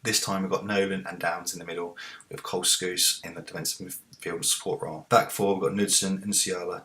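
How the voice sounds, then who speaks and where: Mężczyzna o bardzo niskim głosie komentuje grę. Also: male voice, low-pitched. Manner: excitable, cheers at goals. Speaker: let's play host. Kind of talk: game commentary.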